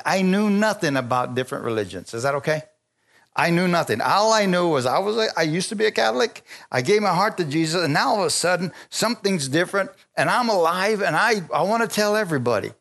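A man preaching a sermon, telling stories with lively energy, stopping often to restart phrases and calling for amens. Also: high-pitched, fast talker. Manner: animated storytelling with frequent restarts and calls for amen.

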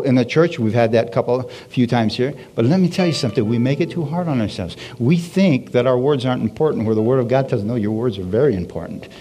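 Animated male preacher, soft music underneath. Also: mid-range voice. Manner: animated preaching with call-and-response, repeated "Hallelujah". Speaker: pastor. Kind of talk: sermon. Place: church service. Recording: faint music behind.

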